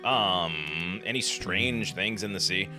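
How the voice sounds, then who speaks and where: A man's voice: deep voice, takes it slowly, over music. A man hosting a casual let's play, commenting with wry, sarcastic asides.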